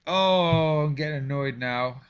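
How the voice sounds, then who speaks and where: A man's voice: on the high side, a little slow, smooth. A man hosting a live stream, chatting casually with viewers, muttering and swearing to himself and then apologizing. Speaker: livestream host.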